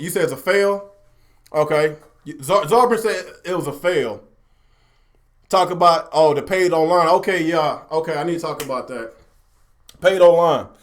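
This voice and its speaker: Young male streamer, higher voice, casual rant to his chat, repeats himself. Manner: talkative, repeats himself, addresses chat directly. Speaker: gaming livestream host.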